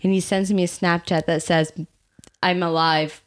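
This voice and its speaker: A young woman casually telling a personal story with her husband, animated, laughing often and full of fillers. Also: on the low side, moderate pace. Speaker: co-host.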